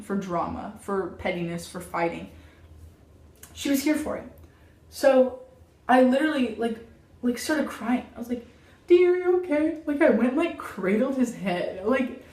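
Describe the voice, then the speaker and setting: A young woman telling a childhood story in a casual storytime vlog, dramatic and animated, saying "like" constantly. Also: medium pitch. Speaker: vlogger. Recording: roomy, mic at a distance.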